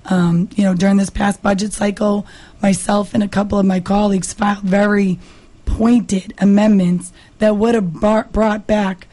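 Hoarse raspy woman on a radio interview. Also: medium pitch, little pitch movement, normal speed, mellow. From Massachusetts. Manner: earnest, many fillers and restarts. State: hoarse, lost her voice. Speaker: state representative, guest.

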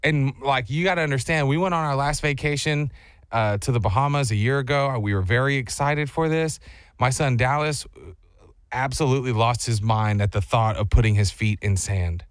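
Animated storytelling man, dry studio sound. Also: mid-range voice, moderate pace, clear, resonant tone, dry recording. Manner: animated, acts out voices in his stories. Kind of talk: casual storytelling chat.

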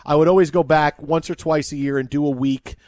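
A man hosting a sports radio show, chatting casually and telling lively anecdotes. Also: brisk, dry recording, studio quality. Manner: animated storyteller, rises high when excited.

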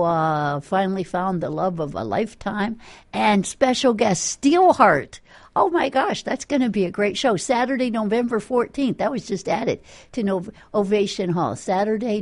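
A woman's voice: lowish voice, a little mellow, no echo. A woman working as a rock radio DJ, chatting through weather and ads with lots of fillers. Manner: chatty, rambling, with many fillers. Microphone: studio microphone.

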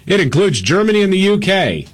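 Husky-voiced man reading radio headlines. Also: sits high, very animated. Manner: laughs often, many "uh" pauses while reading headlines. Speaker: radio co-host reading the top stories. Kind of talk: casual radio talk. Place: radio studio.

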